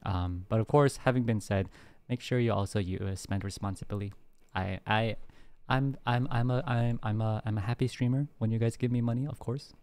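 A man's voice: on the low side, moderate pace, clean tone. A man streaming casually to his viewers with a sore throat, rambling with many restarts. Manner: rambling, restarts, soft laughs.

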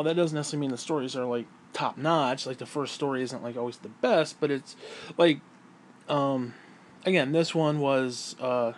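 A man's voice: fairly high pitch, slight background noise. Rambling, cursing man telling stories. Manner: rambling, profane, laughs at own stories. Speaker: vlogger and self-published author. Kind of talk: casual storytelling vlog. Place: indoors, lying in bed.

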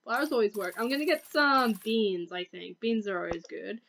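A woman's voice: fairly high pitch, animated, normal speed, creaky, fairly bright tone, a little hiss or hum, low-quality recording. Chatty Australian young woman gamer. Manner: chatty, guiding, playful. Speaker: gaming channel host. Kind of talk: casual gameplay chat.

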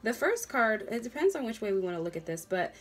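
A woman's voice: on the high side, very animated. A woman giving a casual tarot reading to camera from her home workstation, talking in a chatty way with lots of "okay?" checks. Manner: chatty, drawn-out words, frequent okays. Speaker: tarot reader. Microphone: desk camera at a workstation.

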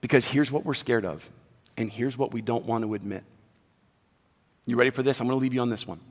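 A pastor delivering a sermon in a casual, conversational way, swinging from hushed asides to loud, emphatic points. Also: male voice, mid-range voice, fairly quick. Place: church sanctuary. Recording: long hall reverb, faint music behind.

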